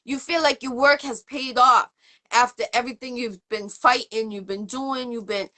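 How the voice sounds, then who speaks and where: Hosting a casual interview show, this Boston-area American woman has a voice on the high side, with fairly even intonation and a moderate pace. She talks in a rambling, cheerful way, dropping fillers and shout-outs throughout.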